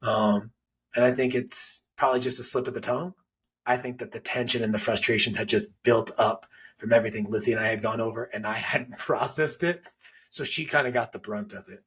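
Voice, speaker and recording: Podcast guest, male, very husky voice, blunt candid storyteller, a bit distant from the mic. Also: mid-range voice, fairly even intonation, brisk, a bit bright. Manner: blunt, candid, swears casually.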